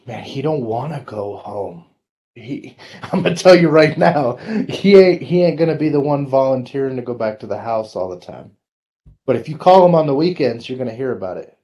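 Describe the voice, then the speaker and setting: A man's voice: mid-range voice, normal speed. A man co-hosting a podcast, talking bluntly and swearing freely in casual chat about former army life. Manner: blunt, profane, animated storytelling. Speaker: podcast co-host.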